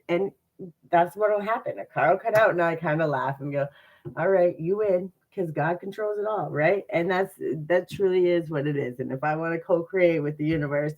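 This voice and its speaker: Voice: mid-range voice, muffled recording. A spiritual card reader in a casual livestream reading. The speaker is chatty and upbeat and makes sarcastic, self-mocking asides.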